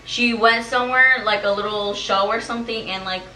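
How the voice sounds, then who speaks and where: A woman with a bright, crisp tone chats casually and tells a legend loosely and quickly. She is recorded in an echoey room from a distance. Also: fairly high pitch, steady tone, slight background noise. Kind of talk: casual chat.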